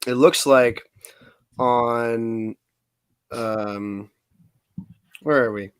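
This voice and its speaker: A man's voice: mid-range voice, steady tone, very slow, clear, resonant tone, no room sound. Rambling man on a dry call. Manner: rambling, trails off, eats while talking. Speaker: podcast co-host. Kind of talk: casual chat about local politics.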